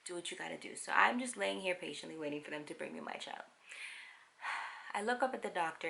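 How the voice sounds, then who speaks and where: A young woman telling a personal story in a casual, animated, wry way. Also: lowish voice, creaky, slight background noise. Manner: animated, wry, quotes others in quick asides. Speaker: vlogger.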